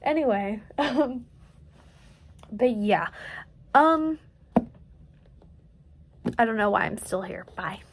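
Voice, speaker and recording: A woman's voice: fairly high pitch, expressive, takes it slowly, long pauses, slight background noise. Chatty eighteen-year-old woman, light country twang. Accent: light Southern US country. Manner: rambling, chatty, self-joking. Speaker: crochet vlogger. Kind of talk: casual late-night vlog chat. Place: at home.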